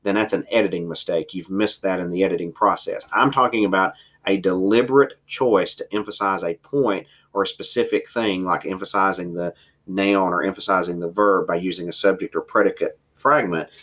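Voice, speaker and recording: A man teaching a writing class in a recorded lecture, explaining step by step, slowing down for emphasis and sometimes pausing on fillers. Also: low-pitched, a bit bright. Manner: explanatory, varies pace for emphasis, occasional fillers.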